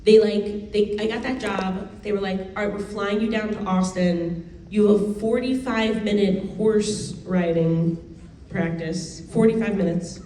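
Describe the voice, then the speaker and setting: A woman's voice: mid-range voice, measured pace, dark tone, slight background noise. A woman in her thirties, an actor answering fan questions on a convention panel in a chatty, laughing way with many restarts. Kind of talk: casual panel Q&A. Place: convention hall. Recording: roomy hall audio from a far mic with faint ambience.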